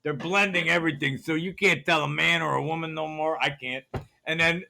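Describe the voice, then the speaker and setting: Male vlogger, gravelly and forceful, ranting and conspiratorial, filmed on a phone in store aisles. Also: a little high, steady tone, fairly quick. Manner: ranting, conspiratorial, repeats "see how that works". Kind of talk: ranting shopping vlog.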